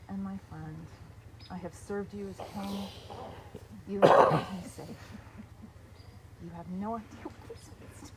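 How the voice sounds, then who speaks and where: Slow, heartfelt woman giving a court speech. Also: mid-range voice, background noise. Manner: heartfelt and deliberate, with slow pauses. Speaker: court speaker presenting a medallion. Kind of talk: formal ceremonial court speech.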